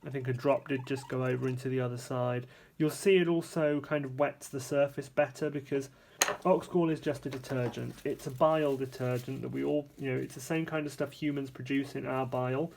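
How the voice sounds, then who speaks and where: A man with a gravelly, fry-edged voice at a middle pitch talks through a painting demonstration at his table. He is relaxed and chatty, thinks out loud, and corrects his own wording mid-sentence. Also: brisk, a little hiss or hum. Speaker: art supplies reviewer demonstrating paints. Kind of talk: casual hands-on painting tutorial.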